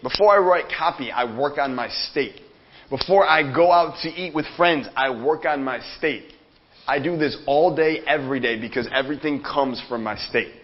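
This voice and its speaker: A man giving a live motivational seminar talk, energetic and profane, speaking straight to the audience in the room. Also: fairly high pitch. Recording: dull lo-fi sound.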